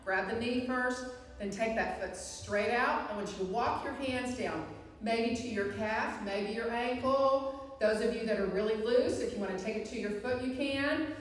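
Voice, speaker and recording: A woman instructor guiding a live chair yoga class, with calm, encouraging cues and frequent reminders to breathe. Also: on the high side, moderate pace, far from the mic. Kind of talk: live guided fitness class. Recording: echoey hall, voice from afar.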